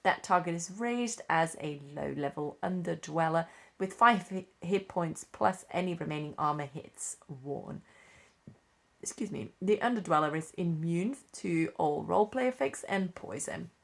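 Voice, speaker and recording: Young woman, low gravelly voice, casual rulebook reader who stumbles and corrects herself. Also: animated. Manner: unhurried, with frequent fillers and self-corrections. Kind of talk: casual reading aloud of game rules.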